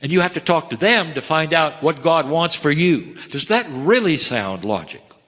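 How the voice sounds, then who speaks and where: Man giving a channeled message in a reverberant hall. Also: lively intonation. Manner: slow, heartfelt phrasing in short broken phrases; swings between raised emphatic lines and hushed low ones. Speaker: spiritual channeler. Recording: long reverb of a large hall.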